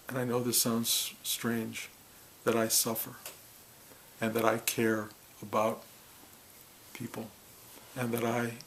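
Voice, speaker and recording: A man speaking as a spiritual teacher to a gathering, earnest and heartfelt, in short halting phrases. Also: mid-range voice, a little hiss or hum, poor audio. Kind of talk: reflective spiritual talk to a gathering.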